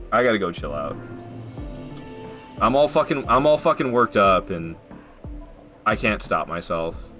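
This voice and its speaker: Young male streamer, low bright voice, heavy swearing, ranty casual chat. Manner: swears a lot, rants heatedly.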